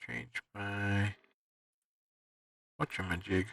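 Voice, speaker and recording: A man hosting a livestream, muttering to himself as he fiddles with his software, heard on a distant desk mic. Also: fairly low pitch, expressive, extremely slow, vocal fry, noisy background. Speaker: livestream host. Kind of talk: casual livestream chatter.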